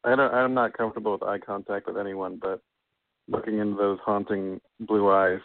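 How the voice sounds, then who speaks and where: A man co-hosting a podcast, talking in a dry, wry, measured way. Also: lowish voice, level tone, no echo. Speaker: podcast co-host. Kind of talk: casual chat. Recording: dry tinny phone-like sound.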